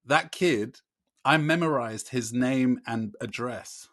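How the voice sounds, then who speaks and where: A man, co-hosting a casual podcast chat in a relaxed, agreeable way. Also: mid-range voice, slow. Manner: laid-back, agrees a lot, chuckles. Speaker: podcast co-host.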